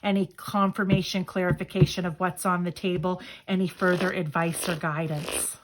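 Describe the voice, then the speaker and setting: A woman's voice: lowish voice, flat delivery, normal speed, noisy background. A woman giving a casual pick-a-card tarot reading, chatty and enthusiastic as she talks straight to her viewers. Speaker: tarot reader.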